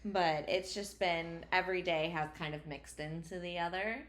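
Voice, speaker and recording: A woman in her thirties co-hosting a casual podcast chat, relaxed and quick to laugh. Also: on the low side. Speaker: podcast co-host.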